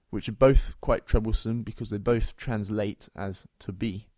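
A man teaches beginner Spanish on a podcast, his voice sitting low. He explains each phrase patiently and repeats it slowly. The sound is dry and close, with no room around it. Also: darkish tone, dry recording. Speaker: language podcast co-host.

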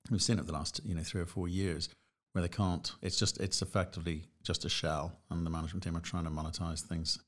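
A man hosting a conversational interview, speaking in a measured, reflective way and often restarting phrases. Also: low-pitched, flat delivery, fairly bright tone.

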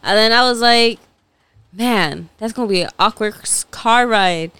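A woman's voice: a little high, a little slow, fairly bright tone, clean tone, no echo. A young woman co-hosting a podcast, chatting casually and laughing as she tells family stories. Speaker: podcast co-host. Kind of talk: casual chat.

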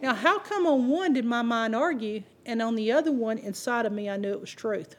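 A woman preaching a sermon, telling stories in an animated way and acting out the people she quotes. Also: a little high, fairly quick. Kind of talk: sermon with storytelling.

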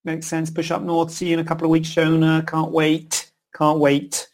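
Chatty gravelly-voiced male surgeon. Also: on the high side, monotone, normal speed. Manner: chatty, rambling, self-interrupting. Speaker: plastic surgeon. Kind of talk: live Q and A chat.

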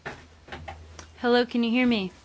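A woman's voice: a little high, fairly even intonation, normal speed, a little hiss or hum. A young woman hosting a radio show, chatting casually and briefing guests before air, with a lot of "like" in her talk. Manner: chatty, says "like" often.

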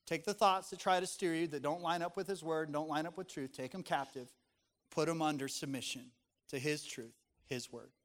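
Male pastor, middle-aged, earnest conversational sermon delivery, slightly higher voice. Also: steady tone, normal speed, a bit bright, in a large hall. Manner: earnest, conversational preaching with scripture readings.

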